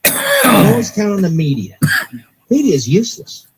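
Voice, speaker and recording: A man on live talk radio, his voice sitting a little high as he rants. He reads out police scanner calls in an excitable manner, jabbing at the people he blames. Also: moderate pace, a little hiss or hum, rough recording. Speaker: radio talk show host.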